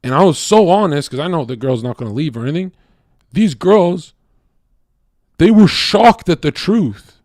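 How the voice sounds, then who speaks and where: A man's voice: on the high side, expressive, moderate pace, pauses often, darkish tone, dry recording, studio quality. A man livestreaming, telling a crude, profane confessional story with stammered restarts. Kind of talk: casual unscripted stream monologue.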